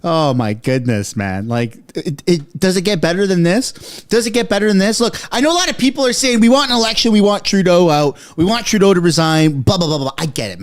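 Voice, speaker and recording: A man hosting a political commentary stream, reacting excitedly to news clips, swearing and joking, wired on coffee. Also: high voice.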